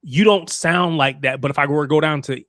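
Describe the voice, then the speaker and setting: A man's voice: a little high, fairly quick, fairly bright tone, no room sound, studio quality. A man from the United States in a casual football chat, curious and asking lots of questions.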